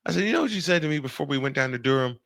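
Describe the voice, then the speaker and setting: A male show host tells a story with a lot of energy, laughing and speeding through the punchlines. His voice is bright and forceful, and it swings up and down in pitch. The sound is dry and close. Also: no room sound. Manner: animated, laughing, quick bursts of speech. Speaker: radio and podcast host. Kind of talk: storytelling in casual chat.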